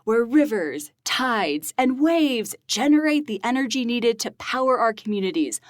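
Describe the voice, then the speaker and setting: A woman putting on a slow, dramatic movie trailer announcer voice for a podcast co-host bit. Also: very animated, no echo, studio quality. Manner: slow, booming trailer delivery.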